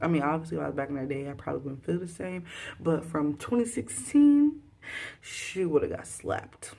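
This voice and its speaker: A woman's voice: sits low, normal speed, gravelly. Chatty, rambling young woman vlogger. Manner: chatty and rambling, reads her own tweets aloud; animated, with sound effects and sassy asides. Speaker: TV episode reviewer. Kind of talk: casual review vlog.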